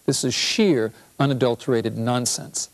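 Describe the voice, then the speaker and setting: A man's voice: mid-range voice, measured pace. A middle-aged man, a physician, giving a lecture-style talk on a health show, wry and storytelling, with rhetorical questions.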